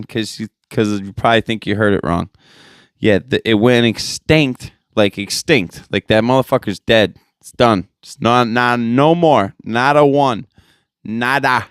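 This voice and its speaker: Young male podcast host, exasperated profane rant, crisp voice, dry close mic. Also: on the low side, no room sound. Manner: swearing, exasperated ranting.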